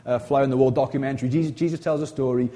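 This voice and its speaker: Chatty preacher, warm mellow tone. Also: male voice, mid-range voice, rapid-fire. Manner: animated, chatty, frequent self-interruptions and asides. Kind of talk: informal sermon.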